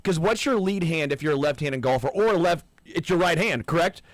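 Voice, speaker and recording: A man's voice: fairly high pitch, lively intonation, fairly quick, dry recording. A man co-hosting a sports radio show, arguing his point eagerly in casual banter and stumbling over his words when pressed. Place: radio studio. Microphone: studio microphone.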